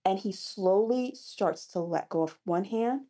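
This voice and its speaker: A woman's voice: mid-range voice, a little slow, mellow. A woman romance author as an interview guest, chatting animatedly with frequent restarts. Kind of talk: casual interview chat.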